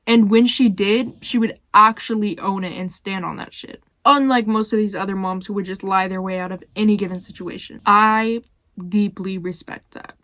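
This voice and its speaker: A woman's voice: mid-range voice, fairly even intonation, normal speed, a bit bright, no echo. Blunt young woman, dry close voice-over. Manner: blunt and opinionated, swears freely. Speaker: YouTuber ranking reality show cast. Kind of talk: casual commentary voice-over.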